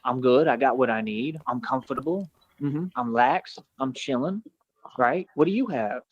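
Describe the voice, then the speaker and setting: A man's voice: mid-range voice, normal speed, dry recording. A man lecturing his viewers in a rambling monologue, repeating himself and throwing out rhetorical questions. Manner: preachy, repetitive, rhetorical questions. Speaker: streamer in a played clip. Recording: dull lo-fi clip audio.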